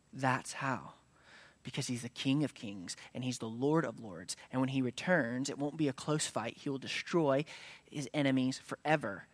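A man preaching a sermon, moving between casual asides and loud, emphatic declarations, at times dropping to a hush. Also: a little high, dry recording. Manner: conversational preaching that swings from hushed to loud and emphatic. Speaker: pastor.

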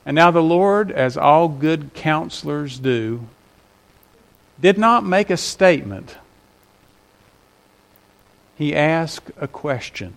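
A man's voice: fairly high pitch, animated, slow, gravelly, pauses often. A man preaching a Sunday sermon to his congregation, conversational and rising in emphasis on key points. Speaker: pastor.

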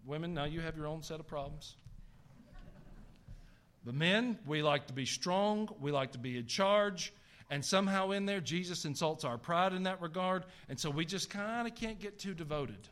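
A middle-aged pastor with a Southern US drawl preaches with emphatic punch, dropping folksy asides. His voice sits high for a man, with a bright, forceful edge. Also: expressive, normal speed. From American South. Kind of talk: sermon.

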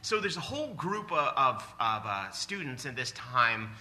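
A man in his forties preaching a sermon in a church, animated and exclamatory, often laughing. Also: medium pitch, measured pace. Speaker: pastor. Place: church sanctuary.

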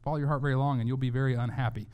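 Male pastor, sermon delivery, smooth resonant voice, earnest, repeats words for emphasis. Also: medium pitch, fairly even intonation, very fast, darkish tone. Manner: earnest, repeats words when stressing a point.

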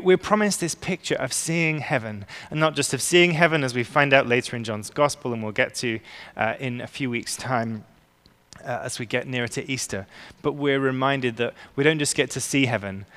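A man preaching a sermon as pastor, earnest and emphatic, slowing down to stress key words. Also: medium pitch, a bit bright. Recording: long reverb of a large hall.

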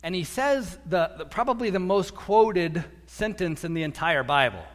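A man preaching a sermon as a pastor, animated, acting out quotes and repeating words as he goes. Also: sits high, normal speed. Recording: echoey hall.

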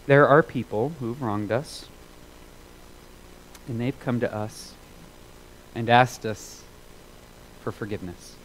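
A man preaching a sermon as a pastor, earnest and emphatic, repeating phrases for weight and moving between loud and hushed delivery. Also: mid-range voice, takes it slowly, long pauses, slight background noise, poor audio.

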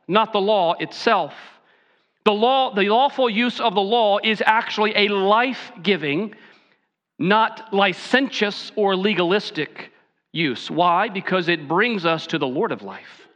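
A man's voice: sits high, a bit bright. A pastor preaching an earnest sermon with folksy asides, a man speaking in a dull lo-fi recording.

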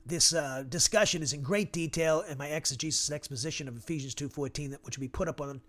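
A man teaching a verse-by-verse Bible class, methodical and repetitive, slowly sounding out Greek words. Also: on the high side, fairly bright tone.

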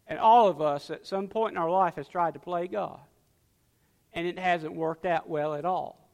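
A male pastor preaching a sermon, swinging from loud emphatic lines to hushed ones. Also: on the high side, moderate pace, creaky, long reverb tail.

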